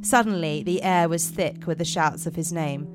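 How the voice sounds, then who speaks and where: Woman host, lowish voice, put-on American accent, dramatic horror reading, music behind. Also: moderate pace. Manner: dramatic, giggly reading with slips. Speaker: podcast host and storyteller. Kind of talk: reading horror stories aloud.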